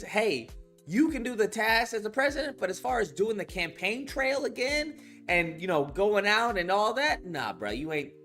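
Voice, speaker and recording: Animated man ranting in casual commentary. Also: sits high. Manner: animated, heavy swearing, mocking impressions. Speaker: host reacting to clips. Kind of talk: profane casual reaction commentary.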